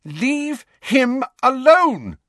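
A fierce teenage schoolgirl with a raised, lively voice that leaps up in pitch as she lashes out, as a man reads her in a storybook. She delivers her lines in sharp, scornful bursts over a dry, close sound. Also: a little slow, no echo, heavily acted.

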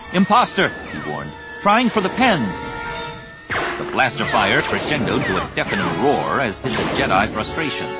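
A man reading an audiobook as narrator, with a measured, dramatic delivery. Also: medium pitch. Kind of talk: scripted narration. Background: background music score.

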